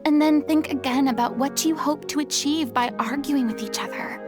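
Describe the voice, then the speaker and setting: Game role: woman as stern young diva, high voice, scolding but kind. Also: moderate pace, lightly acted. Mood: earnest. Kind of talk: game voice acting. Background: game music.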